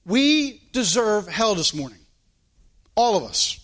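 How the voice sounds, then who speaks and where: A preacher from the United States delivering a sermon, emphatic and full of rhetorical questions and repeated phrases. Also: male voice, high-pitched, sing-song, slow pace, a bit bright.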